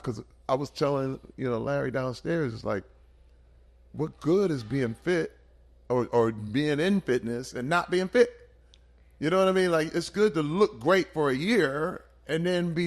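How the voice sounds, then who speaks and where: In a casual podcast chat, a man in his fifties appears as a guest, telling stories with animated emphasis in a medium-pitched voice.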